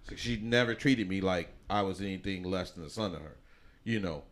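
A man with a fairly low voice, talking as a podcast guest. He tells his story in a loose, rambling way, often restarting and filling pauses. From Chicago, USA. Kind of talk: casual interview storytelling.

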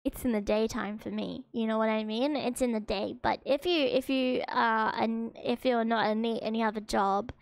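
A woman's voice: a little high, steady tone, normal speed, vocal fry, few pauses, dry recording. A young woman with an Australian accent, chatting casually with viewers as a streamer in a hesitant, rambling, emotional way.

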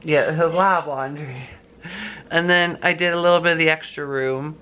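A man's voice: a little high, fairly even intonation, brisk, pushed and bright. A man vlogging in a casual, rambling, chatty way with lots of fillers. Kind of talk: casual vlog chat. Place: home, then a store.

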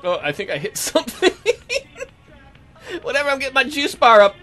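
A man's voice: very high voice, sing-song, normal speed, fairly bright tone, soft background music. A man hosting a let's play, giving casual, jokey commentary and reacting aloud to the game.

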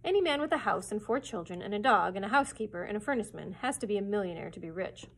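An excitable, talkative boy from a storybook, bold and eager, with a slightly husky voice, as a woman reads his lines aloud. He speaks in lively, chatty bursts. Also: mid-range voice, rapid-fire. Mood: earnest.

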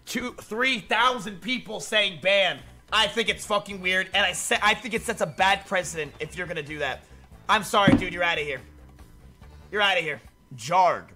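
A man streaming casually, talking to his chat in an animated way and swearing freely. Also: sits high, moderate pace, soft background music. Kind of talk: casual livestream commentary.

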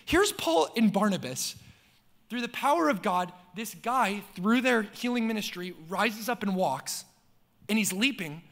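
High-voiced casual man preaching. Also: a little slow. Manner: casual slangy preaching, animated swings in pitch and volume. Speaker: pastor. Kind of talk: sermon. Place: church sanctuary before a congregation.

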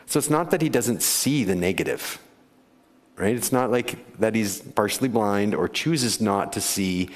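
A male pastor delivers his sermon in an easy, conversational way, chuckling and putting questions to the congregation. His voice sits on the low side. The sound carries the long reverb of a church sanctuary. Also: normal speed. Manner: conversational, laughs often, asks the congregation questions.

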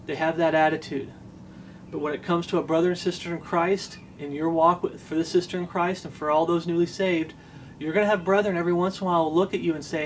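A man's voice: fairly high pitch, fairly even intonation, brisk, a little hiss or hum. A man preaching an earnest sermon, stressing points by repeating them.

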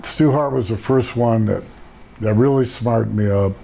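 A man's voice: medium pitch, normal speed, gravelly, mellow. An older man, a retired pro wrestler, telling rambling laid-back stories in a casual interview and laughing at his own jokes.

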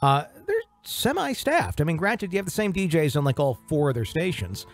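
A man's voice: a little high, huge pitch swings, brisk, faint music behind. A man hosting a podcast in casual chat, joking and mimicking radio DJs. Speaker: podcast host.

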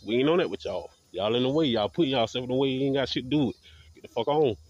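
A man's voice: mid-range voice, fast, darkish tone, husky, dull audio. Profane, defiant man ranting. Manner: profane, defiant, repetitive street talk. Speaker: video blogger. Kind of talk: ranting monologue to camera.

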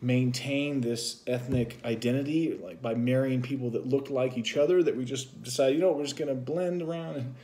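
A man's voice: mid-range voice, fairly even intonation, moderate pace, few pauses, warm tone. A man co-hosting a vlog, talking casually and musing at length in a loose, rambling explanation. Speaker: vlog co-host.

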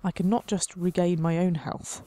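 A woman's voice: fairly low pitch, little pitch movement, moderate pace, warm tone. A woman hosting a let's play, commenting on the game in a playful mock-dramatic way and laughing often. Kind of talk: gameplay commentary.

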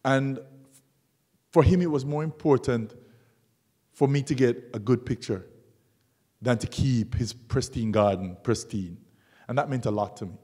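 A man's voice: mid-range voice, measured pace, long pauses. A man from Jamaica giving a public artist talk, telling stories animatedly and acting out the dialogue. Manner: animated storyteller who acts out dialogue. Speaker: guest speaker, documentary photographer. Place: museum lecture hall.

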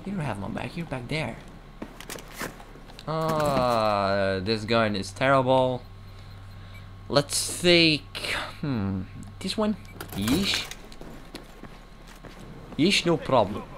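Male gaming host, unhurried, self-mocking banter over loud game gunfire. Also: mid-range voice, background noise. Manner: joking, self-mocking banter while playing. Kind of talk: let's play commentary.

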